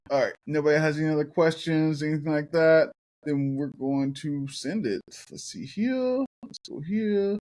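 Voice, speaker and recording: A man's voice: fairly high pitch, unhurried, a little mellow. Swearing, laughing male podcast host. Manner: swears a lot, laughs while telling stories. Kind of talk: casual podcast chat.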